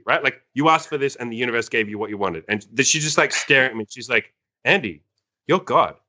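A young man, a coach, telling a story in casual chat, animated and laughing, with many fillers. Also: mid-range voice.

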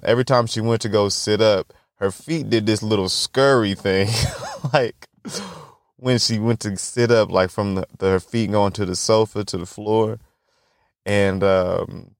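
A young man hosts a solo podcast, his lowish, gravelly voice captured dry with clean studio sound. He tells stories in a loose, rambling, profane way and laughs often.

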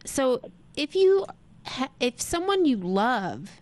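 A woman's voice: high voice, very animated, takes it slowly. A woman hosting a conversational interview, engaged and agreeable, asking follow-up questions. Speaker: podcast host.

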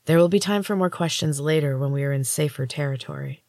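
A woman reading aloud, voicing a calm young woman who speaks evenly and reassuringly. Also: low voice, fast, no room sound. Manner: even and reassuring. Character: calm, steady young woman, protective guide.

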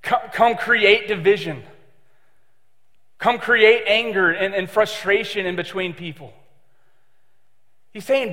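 A man's voice: sits high, slow pace, long pauses, sharp tone. A young man preaching a casual sermon, joking and chatty with many fillers. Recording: long reverb of a hall.

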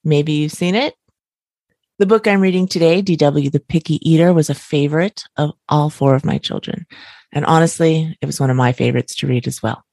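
A middle-aged woman, a mother of four, reading a children's story aloud in an expressive way. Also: deep voice, brisk, dry recording, studio quality.

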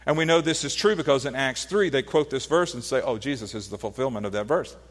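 A pastor delivers an earnest teaching sermon, posing questions to his listeners and restarting phrases as he works through his points. His voice sits at an ordinary male pitch and carries a long reverb from a church hall. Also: fast, fairly bright tone.

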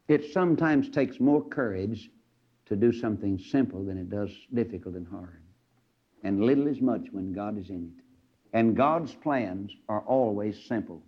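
A man preaching a radio sermon in a folksy storytelling manner, dropping to low murmurs and climbing to shouting peaks, on a dull lo-fi radio recording. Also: lively intonation, normal speed, husky.

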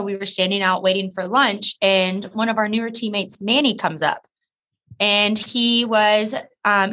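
A woman's voice: mid-range voice, sharp tone. A woman co-hosting a podcast, telling a story casually with frequent ums. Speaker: podcast co-host.

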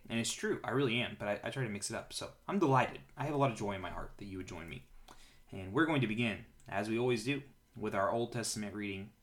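A man hosting a daily Bible-reading podcast, reading scripture aloud with brief personal comments in an earnest, expressive way. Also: lowish voice. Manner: earnest, expressive reading with lively shifts in loudness.

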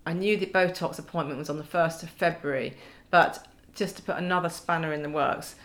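A woman's voice: deep voice, fairly even intonation, fairly quick, fairly bright tone. A woman in her forties chatting as a podcast guest, wry and self-mocking, often laughing as she talks. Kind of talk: casual chat.

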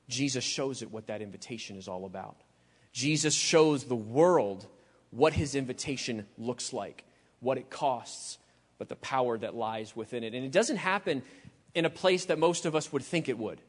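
A man preaching a sermon, dramatic and slowing down for emphasis. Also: mid-range voice. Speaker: pastor. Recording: long hall reverb with faint music.

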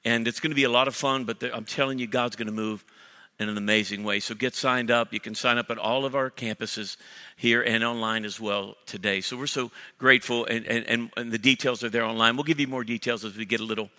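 A man pastor giving energetic, joking church announcements with frequent restarts, on a stage microphone in a large church auditorium. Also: medium pitch, a little fast. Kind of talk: sermon announcements. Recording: long church hall reverb.

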